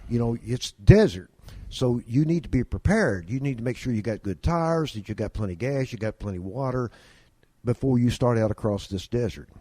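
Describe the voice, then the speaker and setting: A man's voice: medium pitch, lively intonation, a little fast, warm tone, dry recording. A man, telling folksy stories as a guest and doing the voices of the people in them. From Kentucky. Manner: drawling yarn-spinner doing voices of people in his stories. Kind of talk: folksy storytelling.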